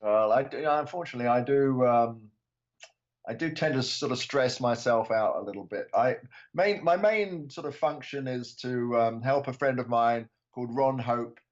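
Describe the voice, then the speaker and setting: A man's voice: mid-range voice, normal speed. An older man from England, a podcast guest chatting casually with frequent ums and restarts. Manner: relaxed, hesitant with many ums. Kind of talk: casual chat. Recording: slightly muffled podcast audio.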